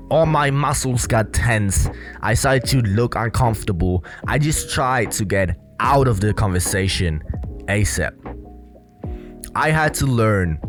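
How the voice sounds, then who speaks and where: A young man giving casual commentary as a body language coach, earnest, with many fillers. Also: medium pitch. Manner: earnest, repetitive, filler-heavy explaining.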